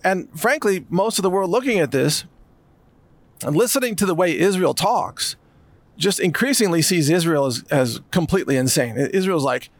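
A man's voice: high-pitched, lively intonation, normal speed, no room sound. A man delivering an emphatic, sarcastic commentary monologue. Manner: emphatic, sarcastic, mocks others in put-on voices. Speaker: political commentator.

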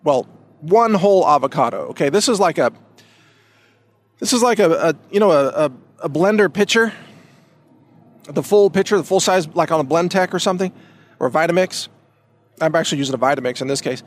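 A man's voice: a little high, expressive, fairly quick, pauses often, dry recording. A man hosting a podcast, talking in a casual monologue that rambles and restarts, with emphatic stresses. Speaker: podcast host.

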